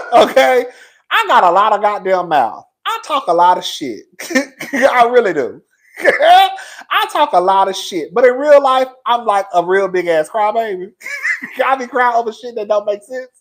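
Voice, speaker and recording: A man's voice: high voice, very animated, a little slow. Vlog host, male; brash, profane, chatty storyteller. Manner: loud, sassy, profane, laughs a lot. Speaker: YouTube commentary host.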